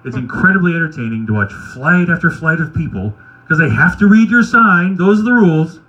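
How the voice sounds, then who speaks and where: Male stand-up, deadpan crude storyteller, bright forceful voice, lo-fi live tape. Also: on the high side, brisk. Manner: wry, deadpan anecdotes with crude asides. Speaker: stand-up comedian. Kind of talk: stand-up storytelling at an open mic.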